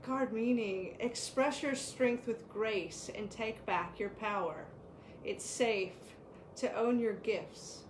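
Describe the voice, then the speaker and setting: A woman co-hosting a spiritual talk, reading card meanings aloud in a measured way and laughing often in the chat. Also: on the high side, echoey room, slight background noise, low-quality recording.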